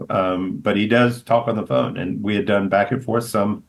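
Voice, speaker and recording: A man's voice: steady tone, normal speed, gravelly, low-quality recording. A middle-aged man, a pastor and author, telling stories as a podcast guest, rambling with many restarts. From American South. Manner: rambling, full of restarts, acts out quotes in a higher voice. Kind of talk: storytelling interview.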